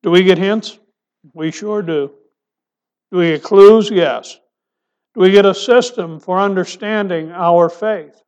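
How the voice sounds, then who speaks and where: High-voiced man preaching a sermon. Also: measured pace, pauses often, smooth. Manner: preaching with rhetorical questions, dropping soft for emphasis. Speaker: pastor.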